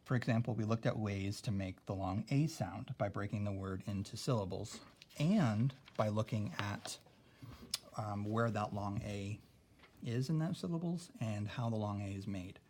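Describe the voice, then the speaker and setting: This recorded spelling lesson comes from a man whose voice is lowish and a little mellow. He takes his time explaining and keeps asking "okay?" after nearly each point.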